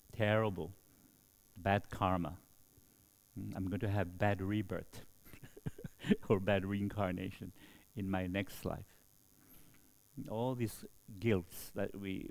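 A middle-aged man, in the role of a Buddhist monk, delivers a dharma talk in a fairly low voice. He speaks slowly with many pauses, often checking in with his listeners through a soft, questioning "hmm?".

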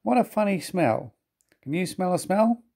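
A boastful, cheeky little tank engine pipes up in a high, gleeful voice, put on by a man reading aloud. The storybook voice keeps a mellow, dark warmth underneath. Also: animated, normal speed, gravelly, full character voice.

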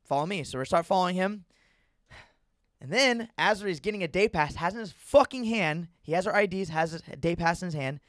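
A man's voice: high-pitched, expressive, fairly quick, fairly bright tone, no room sound, clean studio sound. A young man telling a rambling, profane story in casual podcast chat.

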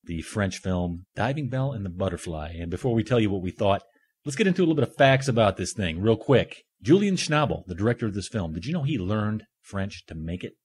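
A man's voice: lowish voice, very animated, fairly quick, darkish tone, breathy edge. A man hosting a podcast, leading a casual, jokey film review chat. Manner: chatty, jokey, leads the discussion. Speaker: podcast host.

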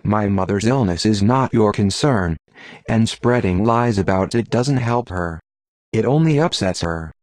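A man's voice: fairly low pitch, expressive, unhurried, darkish tone, no echo. A man voicing a proud, hostile young prince who talks scornfully and accuses, in an audiobook.

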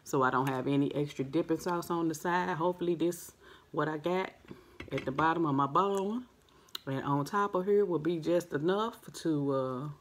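A soft-spoken woman hosting a mukbang, chatting casually with her viewers and recording without a microphone. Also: normal speed, slight background noise. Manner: soft-spoken, naturally low-volume voice; friendly, chatty, addresses viewers as family. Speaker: mukbang host. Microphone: no microphone, device's built-in mic.

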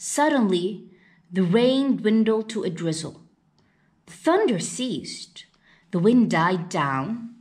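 Slow, lively woman reading a storybook. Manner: slow, gentle read-aloud with lively pitch. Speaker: storybook reader. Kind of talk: reading a children's picture book aloud.

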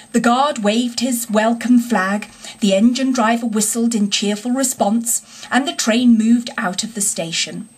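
Woman with a husky, high reading voice. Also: unhurried. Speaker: audiobook reader. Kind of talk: storybook narration.

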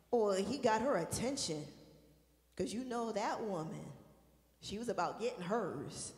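A woman preacher giving a sermon, chatting and joking with the congregation, then building into sung, shouted passages. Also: medium pitch, expressive, a little slow. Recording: echoey hall with music behind.

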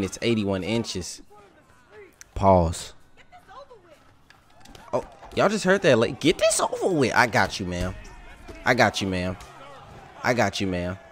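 A young man giving casual, excitable commentary over his own gameplay, trash-talking and laughing at the game. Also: on the low side, slow, pauses often. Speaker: gaming YouTuber.

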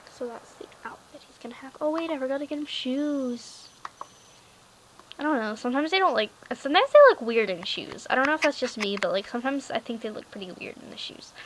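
A teenage girl with a high, light voice talks through her game in a loose, rambling way, filling her sentences with "like" and "um". A faint hiss sits under the recording. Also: low-quality recording. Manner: rambling, chatty, lots of fillers and "like". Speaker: gaming vlogger. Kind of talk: casual screen-recorded game chat.

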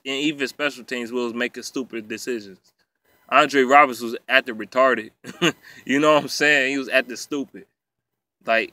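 Dude going off about his team, cussing nonstop, bright sharp voice, dry close mic. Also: fairly high pitch, no echo. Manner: profane, heated, repetitive rant. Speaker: sports fan ranting. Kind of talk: angry sports rant vlog.

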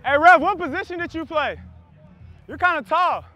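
Very high-voiced joking young football player. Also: male voice, expressive, moderate pace, soft background music. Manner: loud, joking, teasing trash talk. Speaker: pro football wide receiver. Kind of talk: mic'd up banter at practice. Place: outdoor football practice field. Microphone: wireless body mic.

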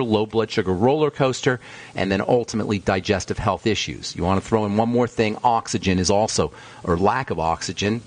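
Brief: male health talk radio host, low-ish voice, emphatic and opinionated, lecturing listeners.

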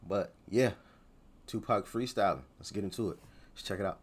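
A man's voice: fairly low pitch, moderate pace. A man hosting a reaction video, talking casually in a joking, slangy way.

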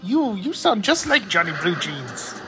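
A woman's voice: mid-range voice, very animated, measured pace, over loud music. A woman hosting a gaming channel, giving casual, jokey gameplay commentary with lots of exclamations.

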